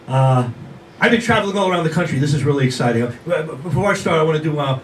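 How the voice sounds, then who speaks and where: Older male stand-up comic, slightly high voice, self-deprecating wisecracks, recorded from a distance with a noisy room. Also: expressive. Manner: wisecracking, self-deprecating, quick asides to the crowd. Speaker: stand-up comedian. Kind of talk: stand-up comedy set. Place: comedy venue with a live audience. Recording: distant room sound with noticeable background noise.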